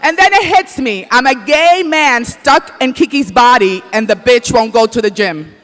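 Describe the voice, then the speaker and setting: Flamboyant male host, very high bright voice. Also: moderate pace, faint music behind. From Dominican Republic. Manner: flamboyant, exclaims in Spanish. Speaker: comedy awards host. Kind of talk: stand-up hosting. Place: comedy stage before a live audience.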